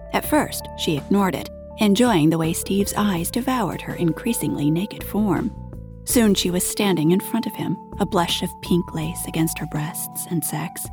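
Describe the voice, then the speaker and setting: Soft-voiced woman reading an erotic story. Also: lowish voice. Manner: soft, intimate, often half-whispered. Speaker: narrator.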